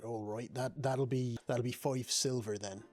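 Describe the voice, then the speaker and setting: A man voicing a gruff, harried male tavern barkeep who grumbles at his customers, with soft music behind. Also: mid-range voice, steady tone, unhurried, natural voice. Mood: grumbling. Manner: grumbling, exasperated.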